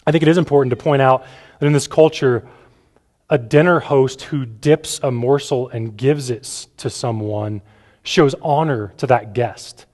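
A man's voice: medium pitch, normal speed, darkish tone. A casual preaching man in a reverberant hall. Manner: casual, often asks "right?", repeats words. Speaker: pastor. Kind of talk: conversational sermon. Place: church room with a gathered audience.

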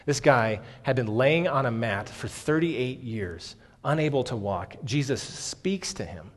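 A man's voice: medium pitch, lively intonation, a little slow. Earnest male preacher in a reverberant hall. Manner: earnest, emphatic, repeats "okay" often. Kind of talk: sermon on a Bible passage.

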